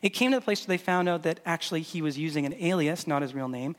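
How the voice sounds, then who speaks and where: Leading volunteers in a demonstration during an easygoing sermon, this male pastor speaks at a quick pace in a slightly high, a bit bright voice. His talk is loose and conversational, heavy on fillers, and long hall reverb colors the sound.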